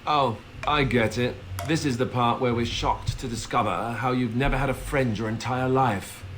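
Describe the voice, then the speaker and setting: A man's voice: mid-range voice, normal speed, a bit bright, slight background noise, lightly acted, low-quality recording. An actor playing an earnest, self-deprecating young male warrior in a video game.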